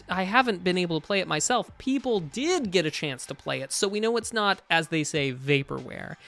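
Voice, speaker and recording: A man's voice: fairly high pitch, gravelly, bright, forceful tone, dry recording. Chatty man reasoning aloud on a stream. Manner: chatty, thinks aloud, explains at length. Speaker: co-host of a live gaming show. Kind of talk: casual live-stream chat.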